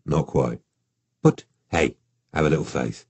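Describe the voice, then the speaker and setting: A man reading an audiobook plays a cheerful police detective, husband and father with a Geordie accent, who talks in a brisk, breezy way. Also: very deep voice, darkish tone, slightly rough, dry recording, exaggerated voice.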